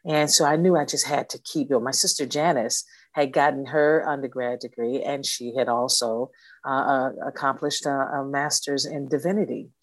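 A woman's voice: extremely low pitch, steady tone, moderate pace, no echo. A woman in her sixties, an interview guest, who tells her story with animation and acts out the voices she quotes. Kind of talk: storytelling in conversation.

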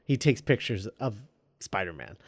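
A man's voice: fairly low pitch, moderate pace, no room sound, studio quality. A man co-hosting a podcast, chatting casually and jokingly about a film. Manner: animated, joking.

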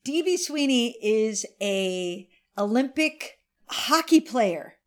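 Animated tipsy woman telling a story. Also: on the high side, slow pace. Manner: animated storytelling, laughing often, acting out movie lines. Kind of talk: casual chat.

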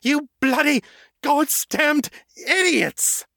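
A terrified, enraged female vampire, as a male narrator puts her on for an audiobook, shrieking at everyone around her. The voice is pushed far up into a high, strained shout. It sits dry and close to the mic. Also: lively intonation, extremely slow, creaky, no echo, full character voice. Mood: frantic, furious. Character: panicking furious female vampire, shrieking curses.

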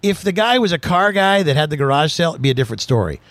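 A man hosting a talk show, telling stories in a casual, animated way, laughing often and acting out voices. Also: a little high, racing, no room sound. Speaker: radio show host. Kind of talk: casual chat.

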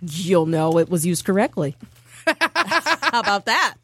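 Lively, animated podcast co-host woman. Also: on the low side, takes it slowly, husky, no echo, studio quality. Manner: bubbly, jokey, animated storytelling. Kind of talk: casual chat.

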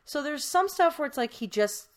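A woman's voice: high voice, expressive, moderate pace. A woman podcast host telling a true crime case in casual, chatty storytelling, with many fillers.

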